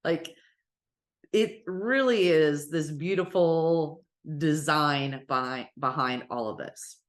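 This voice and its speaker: Animated woman giving a spiritual talk. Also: deep voice, slow pace. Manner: animated, playful, with cheering put-on voices; warm encouraging address. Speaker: spiritual teacher. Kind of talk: casual spiritual teaching monologue.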